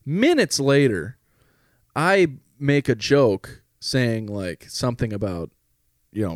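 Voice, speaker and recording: A man's voice: mid-range voice, slow, no room sound, studio quality. A podcast co-host, a man, telling a rambling comedic story in casual chat and swearing freely. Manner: rambling, swears often, lively anecdotes.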